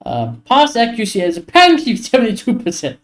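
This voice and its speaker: A fired-up man streaming a live football watchalong, his voice sitting a little higher than most men's. He calls the play as it happens, curses freely and vents his frustration to his chat. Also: fairly quick. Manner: excitable, frustrated, swears often, talks to chat.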